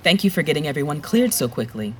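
A woman's voice: low voice, very animated, fast. An actress playing a cool, dry-witted woman in an audio drama.

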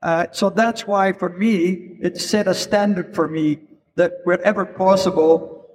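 An older man giving an unhurried keynote talk in an event hall. He tells stories and drops in frequent "you know" asides. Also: high-pitched, fairly even intonation, darkish tone. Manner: unhurried, storytelling with frequent 'you know' asides. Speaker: keynote speaker, photographer. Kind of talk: anecdotal stage talk. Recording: long hall reverb.

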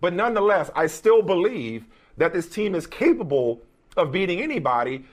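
Lively high-voiced male sports host. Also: normal speed. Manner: animated, emphatic, repeats points. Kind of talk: sports debate.

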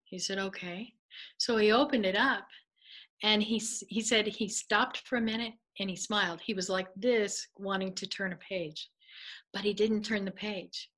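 A middle-aged woman, a guest, telling a personal faith story in an animated way, laughing often and acting out what others said. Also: mid-range voice, moderate pace, poor audio.

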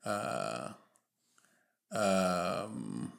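A man hosts a podcast interview in a fairly low voice. He asks questions in a measured way and pauses on fillers as he thinks. His tone stays steady and unhurried. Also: creaky. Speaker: podcast host.

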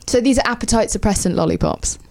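A woman's voice: a little high, quick pace, creaky, darkish tone. A woman, a podcast guest in casual chat, wry and emphatic.

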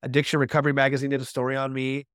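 A man as a podcast guest, telling his personal recovery story with animated storytelling and acting out his own quoted speech. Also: mid-range voice, racing, clear, resonant tone, no echo, clean studio sound.

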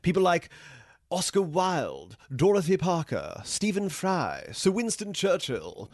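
A man's voice: high-pitched, huge pitch swings, takes it slowly, no room sound, studio quality, full character voice. A man playing a snooty, sarcastic AI chatbot. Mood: sneering. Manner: pompous, condescending, theatrical. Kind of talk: comedy sketch acting.

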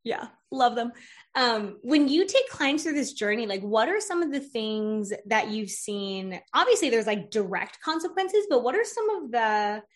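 Give me a high-voiced, playful woman hosting an interview. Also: a little slow. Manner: energetic, playful, uses vivid metaphors. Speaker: podcast host. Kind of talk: casual interview chat.

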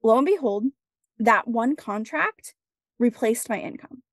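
A woman guest on a podcast interview, telling her story in a casual, animated way and acting out bits of dialogue. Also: a little high, unhurried, no echo, clean studio sound. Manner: animated, acts out dialogue, laughs often. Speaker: podcast guest, business strategist.

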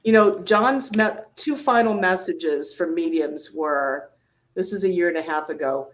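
An older woman recounts her career in a lively storytelling manner. She slips into the voices of the people she quotes, and her voice sits on the lower side. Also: a little slow, poor audio. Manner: animated storyteller, acts out quotes. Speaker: guest, retired Navy doctor. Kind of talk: storytelling interview.

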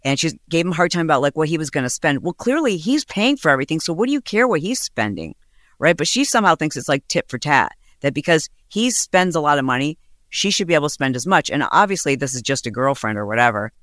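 A woman's voice: fast, no room sound. Chatty woman host telling a juicy story, voice bounces all over, dry close mic. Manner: chatty, animated, acts out quotes with big pitch jumps. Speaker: podcast host. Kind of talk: casual storytelling chat.

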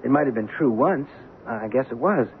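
A man's voice: medium pitch, animated, normal speed, natural voice. An actor playing a nervous, stammering male theater press agent who also narrates, in a 1970s radio drama. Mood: pleading. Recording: tinny 1970s radio broadcast, faint hiss.

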